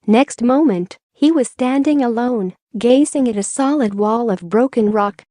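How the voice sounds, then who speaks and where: Woman narrating an audiobook, fairly high voice. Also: dry recording, clean studio sound. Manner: measured, even storytelling. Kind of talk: scripted narration.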